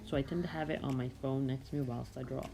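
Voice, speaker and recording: A woman's voice: extremely low pitch, steady tone, fast, vocal fry, background noise. A woman narrating her own drawing process in a casual, meandering way, often hesitating and correcting herself. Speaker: artist narrating a drawing video. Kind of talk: casual rambling voice-over.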